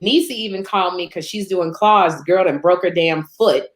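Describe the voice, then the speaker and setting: A woman from Chicago, a guest telling lively stories in casual chat, laughing and acting out quotes. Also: moderate pace. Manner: animated, laughs often, acts out quotes in higher voice. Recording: roomy echo.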